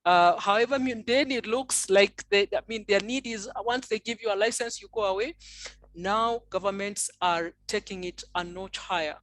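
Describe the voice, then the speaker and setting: A woman's voice: medium pitch, normal speed, fairly bright tone, no room sound, poor audio. Thoughtful woman panelist, dry sound. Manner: thoughtful, many fillers and restarts. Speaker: conference panelist. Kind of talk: panel discussion answer.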